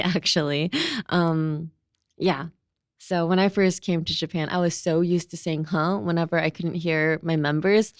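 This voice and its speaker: A woman's voice: on the low side, no room sound. Brief: young woman, lesson host, giggly and chatty, dry studio mic. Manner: chatty, laughs often, mixes in Japanese. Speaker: host and English teacher. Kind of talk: casual language lesson.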